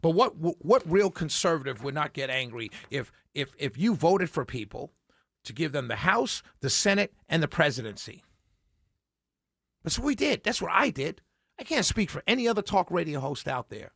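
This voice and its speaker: A man hosting a talk radio show, ranting passionately and sarcastically, often raising his voice to a yell, close on the microphone. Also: fairly high pitch, sing-song, moderate pace, gravelly, no echo. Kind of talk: political talk radio rant. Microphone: close studio mic.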